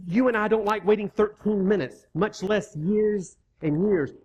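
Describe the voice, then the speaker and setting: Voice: medium pitch, measured pace, a little mellow, dull audio. Emphatic preacher reading scripture. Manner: emphatic, repeats key words for effect; reads scripture aloud and acts out the characters' lines. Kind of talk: sermon.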